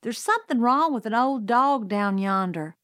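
A woman's voice: on the high side, lively intonation, normal speed, no room sound, clean studio sound. Calpurnia, a woman voicing a firm, scolding housekeeper. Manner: firm, scolding, calls out loudly. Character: brisk, no-nonsense older housekeeper woman.

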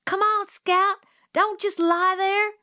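A woman reading a novel aloud, voicing a bossy older boy who yells and scolds. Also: sits high, a little slow, no room sound, clean studio sound, voice pushed up. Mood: yelling.

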